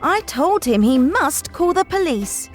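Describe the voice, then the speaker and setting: A woman's voice: sits high, sing-song, a little slow, loud music behind the voice. An actress playing a chatty, gossipy young woman in a sitcom. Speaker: sitcom character. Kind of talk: scripted sitcom acting.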